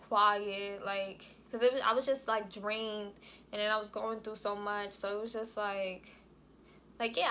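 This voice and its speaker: A young woman chats through a casual story time, peppering her talk with "like" and "y'all". Her voice is bright and forward, recorded at home on a camera mic with a faint hiss underneath. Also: medium pitch. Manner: chatty, frequent "like" and "y'all". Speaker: vlogger.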